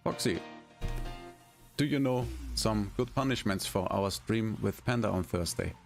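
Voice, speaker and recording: A male streamer talking casually with his AI co-host and his viewers, laughing often and pausing with fillers. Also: on the low side, gravelly. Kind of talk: casual live-stream chat. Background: music.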